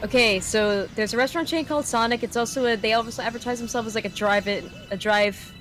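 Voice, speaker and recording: A woman's voice: fairly high pitch, quick pace, fairly bright tone, faint music behind. A young woman co-hosting a gaming stream, chatting casually with many ums and likes. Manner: filler-heavy, giggly, reads chat aloud. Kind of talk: casual chat while gaming.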